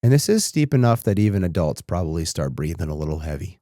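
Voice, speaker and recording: A man's voice: low-pitched, big pitch swings, quick pace, warm tone, dry recording, clean studio sound. A man in his thirties hosting a podcast, telling a personal story in a reflective way that turns emotional and tearful. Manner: reflective, becomes emotional and tearful while recounting. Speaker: podcast host.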